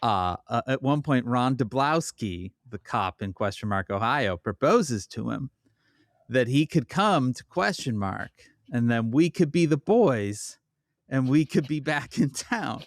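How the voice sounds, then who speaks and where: A man's voice: medium pitch, expressive, a little slow, dry recording. Guy cohosting a podcast, dead dry close sound, amused, reads stuff out. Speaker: podcast co-host. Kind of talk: casual chat.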